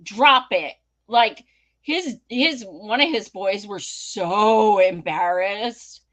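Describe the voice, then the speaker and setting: A woman co-hosting a podcast, telling profane, animated stories in casual chat and acting out what people said. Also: medium pitch, takes it slowly. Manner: profane, animated anecdotes with acted-out quotes. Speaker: podcast co-host.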